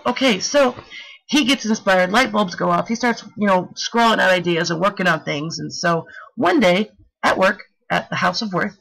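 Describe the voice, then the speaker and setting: A woman presenting a talk with slides, telling a story in a playful, animated way with slangy, jokey asides. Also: medium pitch, moderate pace, vocal fry, rough recording.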